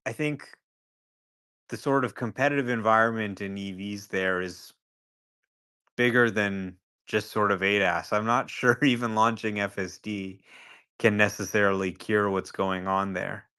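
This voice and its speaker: A man speaking as a guest analyst in a casual podcast discussion, conversational and turning animated when he acts out a scenario. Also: on the low side, unhurried, long pauses, smooth.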